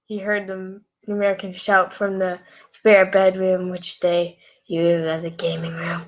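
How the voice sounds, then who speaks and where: A woman's voice: lowish voice, monotone, measured pace. A woman casually reading fan fiction aloud on a live stream, rambling and apologizing, tired with a scratchy throat. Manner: giggly, rambling, apologetic asides. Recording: muffled lo-fi audio.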